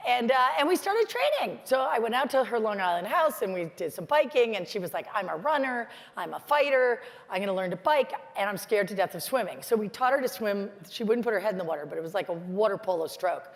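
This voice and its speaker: A middle-aged American woman telling stories in a lively, chatty motivational conference talk. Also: medium pitch, brisk, few pauses. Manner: storytelling, animated, chatty with many "like"s. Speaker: keynote speaker. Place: large conference hall. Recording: hall reverb from a stage mic.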